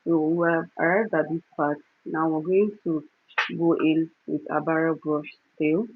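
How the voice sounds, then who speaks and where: A woman hosting a casual wig-styling livestream, giving instructions in short repeated steps and pausing now and then to soothe a crying baby. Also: sits low, steady tone. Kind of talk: casual hair tutorial livestream. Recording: dull lo-fi phone audio with clear background noise.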